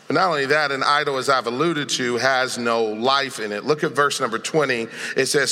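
Bright-voiced pastor preaching in a reverberant church. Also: male voice, mid-range voice. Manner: reads scripture aloud and comments on it. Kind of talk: sermon. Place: church sanctuary.

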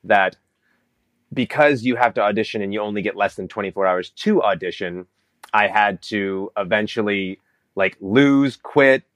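A man from Vancouver, Canada, a guest telling a story in a casual interview, animated and acting out quotes with jumps in pitch. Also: normal speed, no room sound. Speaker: guest, business coach.

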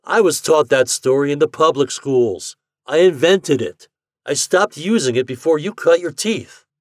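A man's voice: fairly high pitch, expressive, moderate pace, dry recording, studio quality, voice pushed up, close to an everyday voice. A man voicing a breezy, slangy young American con man in a story reading. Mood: amused. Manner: breezy, amused slangy talk. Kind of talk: audiobook character reading.

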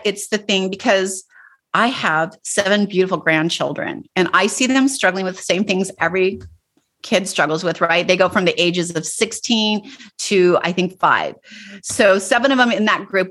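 A woman in her fifties, a guest in a casual conversation, talking earnestly and telling stories with lively asides. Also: medium pitch.

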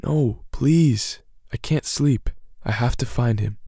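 A man's voice: medium pitch, takes it slowly, warm tone, husky, dry recording, clean studio sound. A man voicing a frightened little girl, her lines whispered and trembling in a whispered role-play. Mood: scared, pleading.

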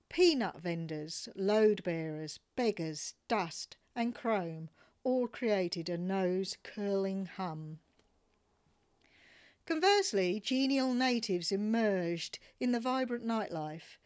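Slow, wry woman reading a travel memoir. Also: mid-range voice. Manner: wry, expressive storytelling. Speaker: narrator.

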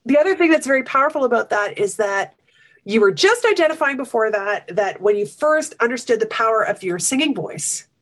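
A woman's voice: a little high, animated, fairly quick, fairly bright tone. A woman podcast host asking questions in an enthusiastic, effusive way. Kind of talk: podcast interview.

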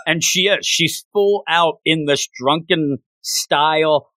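A man's voice: fairly high pitch, takes it slowly, dry recording. A man in casual chat, reviewing a comic issue and acting out scenes as he retells them. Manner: animated, retells scenes with acted quotes; frequent fillers and restarts.

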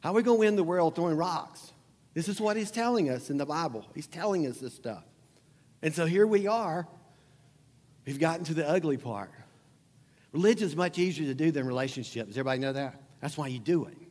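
A middle-aged male pastor with a fairly high voice delivers a conversational, joking sermon, often asking his congregation questions. His voice rings with the long reverb of a church hall. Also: fairly quick. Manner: conversational preaching, asks the crowd questions, jokes.

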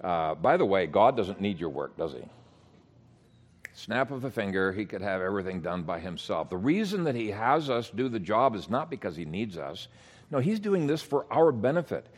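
A man's voice: on the low side, sing-song, normal speed. A man preaching a sermon as pastor, explaining scripture in a teaching manner with emphasis.

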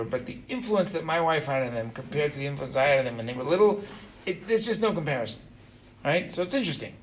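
Middle aged guy teaching a class, super animated, keeps asking the students "right?", bit high voiced. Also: a little hiss or hum. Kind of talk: informal religious lesson to students.

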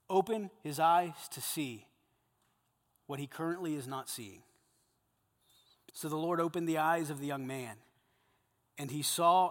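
A man preaching a sermon to a group of men, animated, swinging between loud emphasis and hushed intensity. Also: fairly high pitch, a little slow, long pauses, in a large hall. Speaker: pastor.

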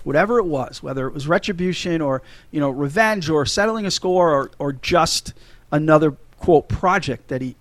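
A man's voice: a little high, no echo. A man hosting a casual movie-talk podcast, rambling and stumbling over his words as he gets emotional. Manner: rambling, restarts a lot, emotional. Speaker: podcast host.

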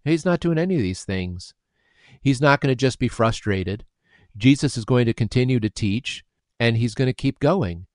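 A man's voice: medium pitch, expressive, moderate pace, darkish tone, no room sound, clean studio sound. A man discussing scripture, explaining word meanings and using everyday examples. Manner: explanatory, uses homely examples.

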